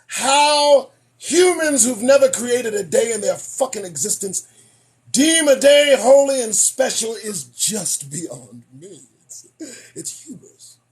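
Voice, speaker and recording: A man hosting a podcast, losing his voice, delivering an emphatic, preachy commentary monologue that swings between loud declarations and muttered asides. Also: very high voice, lively intonation, slow. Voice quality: husky. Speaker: podcast host.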